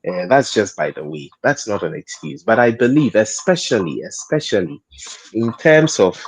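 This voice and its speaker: A man's voice: lowish voice, very animated, moderate pace, husky. A man speaking as a panel guest in a studio discussion, hesitant, repeating words and laughing often.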